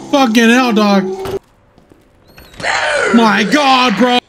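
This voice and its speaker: A man narrating his horror playthrough in a high voice that leaps all over the place, swearing constantly and yelping when scared. The recording carries a steady noisy hiss with clicks behind him. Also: normal speed, pauses often. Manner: excitable, swears constantly, yelps and laughs when startled. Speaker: gaming channel host. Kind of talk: live let's-play commentary.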